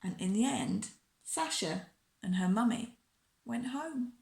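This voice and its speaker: A woman reading a children's picture book aloud in a warm, expressive storyteller manner. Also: on the high side, slow pace, gravelly, echoey room.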